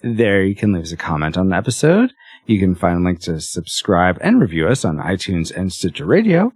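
A man hosts a casual podcast, chatting and laughing often. His pitch swings widely, and the sound is dry and close. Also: big pitch swings, a little fast, darkish tone, husky, no room sound. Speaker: podcast host.

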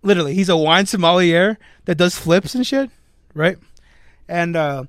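A young man with a fairly high voice tells a story on a casual podcast. He talks in an animated way and throws in jokey asides. The sound is dry and close to the mic. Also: moderate pace, smooth, no room sound. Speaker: podcast co-host. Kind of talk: casual chat.

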